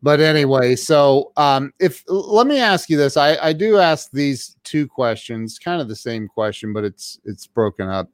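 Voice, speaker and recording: Eager halting host, dry sound. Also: male voice, mid-range voice, animated, no echo. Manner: eager, halting, repeats words when starting. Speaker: podcast host. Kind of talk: casual interview chat.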